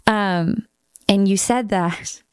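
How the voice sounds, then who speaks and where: A woman's voice: medium pitch, slow, smooth, dry recording, studio quality. A woman talking about her faith in a casual chat, full of "like" fillers. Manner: chatty, many "like" fillers.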